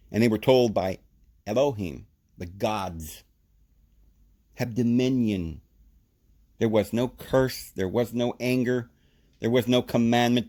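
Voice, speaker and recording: A man giving podcast Bible teaching, explaining in an animated, emphatic way in short spoken phrases with sudden jumps in pitch.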